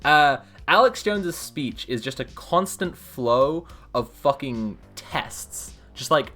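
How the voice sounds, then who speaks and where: A woman's voice: extremely low pitch, animated, takes it slowly, few pauses, a bit bright, soft background music. A woman live-streaming, reading a book aloud and breaking off into sarcastic, rambling commentary. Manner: sarcastic, rambling asides between read passages.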